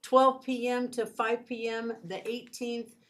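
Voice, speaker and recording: A woman hosting a studio talk show, effusive and quick to exclaim and laugh. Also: a little high, flat delivery, fairly bright tone. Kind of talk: casual chat.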